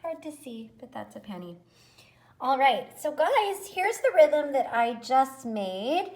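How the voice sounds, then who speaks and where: A woman music teacher giving an online lesson to young children, cheerful and encouraging, speaking slowly and clearly. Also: high voice, big pitch swings, darkish tone.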